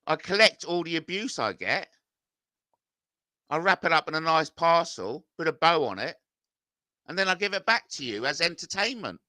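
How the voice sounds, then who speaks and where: Man, middle-aged, agitated comment rant, sharp bright voice, bone-dry close mic. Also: on the high side, sing-song, normal speed, long pauses, no echo. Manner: agitated, swearing, voice climbs when confronted. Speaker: YouTuber reading comments. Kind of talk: ranting reaction to viewer comments.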